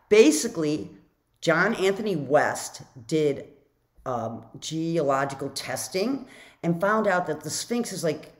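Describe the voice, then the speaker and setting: A woman's voice: low-pitched, normal speed. Chatty woman telling a wild story. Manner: chatty and animated, many "like" fillers, acts out her own reactions. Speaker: author telling a personal story. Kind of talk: casual storytelling vlog.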